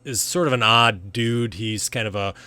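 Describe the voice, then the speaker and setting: A man's voice: fairly low pitch, moderate pace, sharp tone, smooth. A man narrating a tabletop game as game master, rambling with many ums and restarts.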